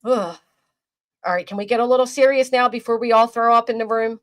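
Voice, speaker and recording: A woman's voice: fairly high pitch, steady tone, brisk. A woman doing rambling livestream commentary, crude and mocking in a vulgar rant, often restarting her sentences. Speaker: commentary streamer. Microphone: desk microphone.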